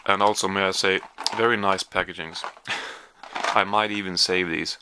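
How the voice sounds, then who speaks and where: A man's voice: low-pitched, fairly even intonation, moderate pace, heavy background noise. A man chatting casually through a taste-test vlog, hesitant with lots of fillers, sometimes talking while chewing. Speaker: vlogger.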